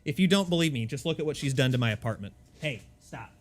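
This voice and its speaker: A man streaming a game from his apartment, chatting casually into a desk mic, self-deprecating and full of quick asides. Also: mid-range voice, lively intonation, slight background noise. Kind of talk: casual live-stream chat. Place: home apartment. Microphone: desk microphone.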